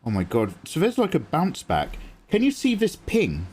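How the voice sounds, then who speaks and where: A young Englishman livestreams himself drawing, chatting casually with viewers, reading and answering chat, and explaining his work as he goes. His voice sits on the high side with wildly swooping pitch, a moderate pace, a slightly mellow quality, and a breathy edge.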